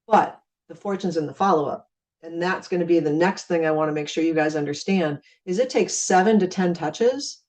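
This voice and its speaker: A darkish, low-leaning voice belongs to a middle-aged Minnesota woman leading a casual network marketing training. Chatty throughout, she acts out conversations with friendly phrases she keeps repeating. The mic picks her up from a distance.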